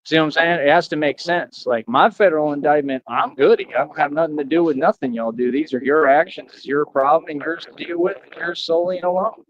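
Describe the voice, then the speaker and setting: A man's voice: on the high side, a little fast, few pauses, muffled recording. A man ranting on a livestream, boastful and defiant, falling back on "like I said" again and again.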